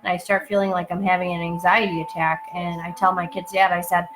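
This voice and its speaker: A young woman telling a personal story at home, halting, with many fillers and asides. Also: lowish voice, level tone, noisy background. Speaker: channel host telling her story.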